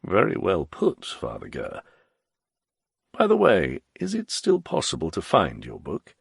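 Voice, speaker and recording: A man voicing a composed nobleman who speaks in a measured, reassuring way. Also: low voice, wildly swooping pitch, gravelly, breathy edge, dry recording, studio quality, full character voice. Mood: calm, measured. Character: calm, composed nobleman, quietly persuasive.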